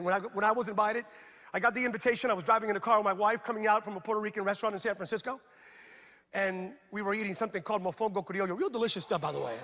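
A man's voice: high-pitched, bright, forceful tone. A middle-aged man, a pastor, telling a humorous story in a sermon and acting out the dialogue. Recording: reverberant hall sound.

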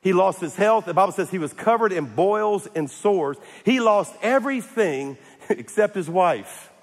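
A man's voice: high-pitched, lively intonation, a little slow. A man preaching a sermon in a church, humorous, with restarts and calls for amens. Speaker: pastor. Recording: echoey hall.

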